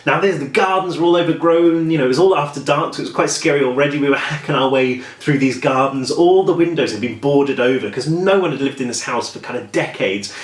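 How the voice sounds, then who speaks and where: A chatty man with a British accent talks to camera in a relaxed, self-deprecating way. He rambles a little as he tells a story. The room around him is echoey. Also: mid-range voice. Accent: British English. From England. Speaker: author vlogging. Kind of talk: casual vlog chat and storytelling.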